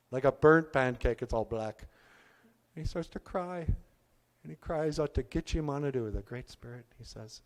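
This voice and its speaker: A male storyteller with a very animated, swooping voice, telling a folksy tale with chatty asides to a live audience. His voice rings out with a long reverb in an arts center hall. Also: mid-range voice.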